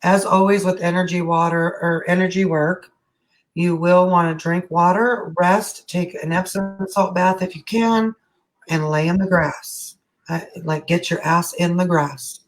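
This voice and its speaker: A woman's voice: on the low side, steady tone, unhurried. A middle-aged woman leading a casual live energy-healing session, chatty and frank, with easy swearing. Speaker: energy healer.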